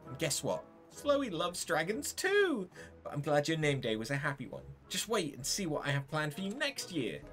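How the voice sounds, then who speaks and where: A woman's voice: sits low, big pitch swings, normal speed, faint music behind, pitched above the performer's own voice. A woman voicing a sweet, chirpy young shopkeeper, reading game dialogue aloud in a sing-song way.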